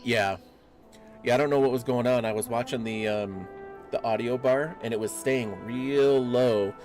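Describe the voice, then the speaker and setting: A man's voice: medium pitch, moderate pace, darkish tone. A young man streaming a game from home, chatting casually with viewers in loose, rambling talk full of fillers, speaking into a desk microphone. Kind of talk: casual live-stream chat. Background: game music.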